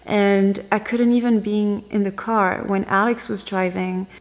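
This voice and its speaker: A young woman tells her own story in a personal vlog, and her voice has a mid-range pitch. She speaks in an emotional, halting way, stopping and restarting often. A long reverb hangs behind her in the room. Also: fairly even intonation. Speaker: vlogger.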